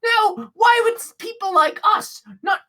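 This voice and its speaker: A woman's voice: extremely high pitch, measured pace, sharp tone, heavily acted, low-quality recording. A woman doing a stammering little kobold fella. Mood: wheedling. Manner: stammering, eager and wheedling. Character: fawning little male kobold bard.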